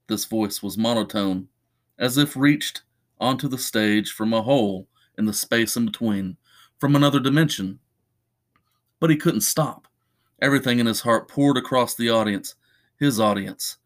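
A man reading a horror short story aloud as a podcast narrator, in measured, steady storytelling. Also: mid-range voice.

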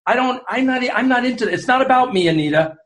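Man, middle-aged, high-pitched, rambling storyteller, roomy echo. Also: quick pace. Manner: animated, rambling anecdotes with many restarts. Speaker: guest sports columnist. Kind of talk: casual storytelling chat.

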